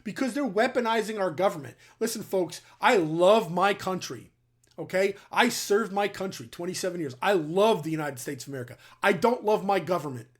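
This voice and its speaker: On his own channel, a middle-aged former serviceman from around New York or New Jersey aims blunt, forceful opinions right at the camera. His voice is mid-range and expressive, and he talks a little fast.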